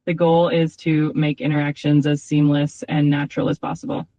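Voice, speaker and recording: A woman's voice from an AI voice assistant, answering politely and upbeat in a smooth, even manner. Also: low voice, normal speed, no room sound, poor audio. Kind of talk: cheerful assistant replies.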